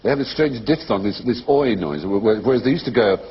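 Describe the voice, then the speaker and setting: Animated, witty Englishman on a panel show. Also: medium pitch, fast, breathy edge. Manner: witty, animated, mimics voices. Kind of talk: comic studio chat. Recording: muffled TV recording with steady background noise.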